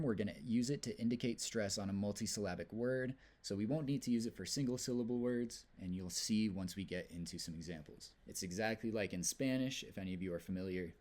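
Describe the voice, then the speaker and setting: Young male student presenter, lowish voice, dry humor. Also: a little mellow. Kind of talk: class presentation.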